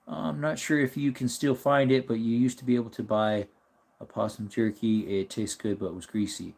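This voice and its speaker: A man's voice: mid-range voice, normal speed, vocal fry. Man, American, live stream host, casual chat, laughs often. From United States. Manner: relaxed, chatty, reads chat aloud and laughs often.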